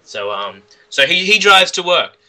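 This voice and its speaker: A man telling a made-up comic film plot in casual, rambling chat, with lots of restarts and deadpan jokes. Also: high voice, unhurried, low-quality recording. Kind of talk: casual comedic storytelling.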